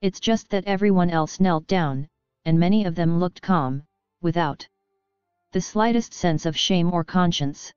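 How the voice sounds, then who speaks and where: A woman narrates a web novel in a steady, even storytelling voice. Her voice is low-pitched for a woman and very clean, recorded dry and close. The sound is somewhat dull and lo-fi, with faint music under it. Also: measured pace, smooth, no room sound.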